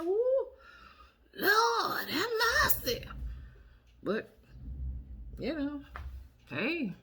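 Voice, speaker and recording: Sassy expressive woman in her thirties. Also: medium pitch, breathy edge. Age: 30s. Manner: expressive, sassy, laughs and exclaims often. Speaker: vlogger. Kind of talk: casual chat to camera.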